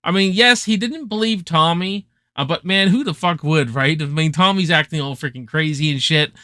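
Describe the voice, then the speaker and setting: A young man giving a casual, excited film review, swearing freely and packed with slang. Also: fairly high pitch, normal speed, no room sound, clean studio sound. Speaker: movie reviewer.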